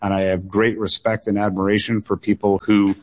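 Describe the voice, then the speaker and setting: A man's voice: on the low side, level tone, fairly quick, darkish tone. A man in his thirties, a political candidate answering questions on a radio call-in show, earnest and repeating words for emphasis. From United States.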